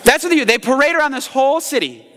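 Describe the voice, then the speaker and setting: A man preaching a sermon as pastor, jokey and animated, acting out yells and voices. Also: very high voice, quick pace. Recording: hall reverb.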